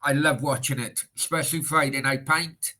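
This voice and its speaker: Bright-voiced Welsh football host. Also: male voice, a little high, steady tone, normal speed. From Cardiff. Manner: friendly, affirming, uses fillers. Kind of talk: casual interview.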